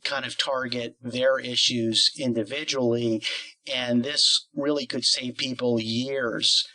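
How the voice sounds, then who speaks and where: A man's voice: medium pitch, steady tone, takes it slowly, sharp tone, rough recording. A man interviewing a singing teacher, explaining ideas at length with plenty of qualifiers and asides. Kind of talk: conversational interview.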